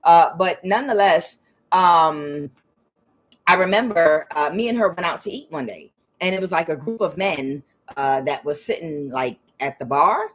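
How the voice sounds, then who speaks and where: Female tarot reader, lowish voice, casual and profane, storytelling with mimicked quotes. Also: expressive, moderate pace. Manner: frank and profane, with quoted asides in a higher voice. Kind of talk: casual spiritual reading and storytelling.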